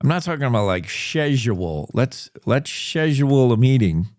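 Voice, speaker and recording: A man's voice: mid-range voice, lively intonation, normal speed, a little mellow, no echo, clean studio sound. A man hosting a news talk show, chatting casually and rambling with restarts as he thinks aloud. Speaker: show host.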